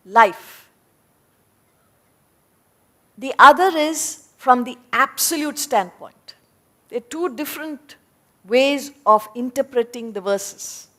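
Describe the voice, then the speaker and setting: A woman lecturing as a spiritual teacher, taking her time over each point. Her voice sits fairly high, and she lays out each idea step by step. The pace stays unhurried throughout. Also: fairly bright tone. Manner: deliberate, explanatory, breaks ideas into points. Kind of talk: lecture on scripture. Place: lecture hall before an audience.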